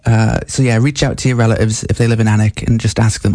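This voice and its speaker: A man hosting a comic mock radio broadcast, deadpan and rambling with many fillers. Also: fairly low pitch, fast, no room sound, studio quality. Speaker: radio host.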